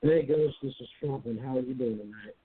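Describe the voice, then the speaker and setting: A man's voice: mid-range voice, fairly quick, slightly rough. A man calling into a radio show, speaking hesitantly with filler words. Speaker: caller. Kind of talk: phone call-in chat. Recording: tinny phone line.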